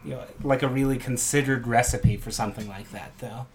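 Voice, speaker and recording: A man in casual podcast banter, rambling and musing as he goes. His pitch sits in an ordinary middle range. Clear background noise hisses under the voice. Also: steady tone, a little fast. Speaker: podcast co-host.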